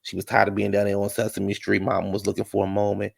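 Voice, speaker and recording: A man's voice: fairly low pitch, monotone, quick pace, gravelly, no echo, clean studio sound. A man recapping a reality show in casual, blunt, profane commentary.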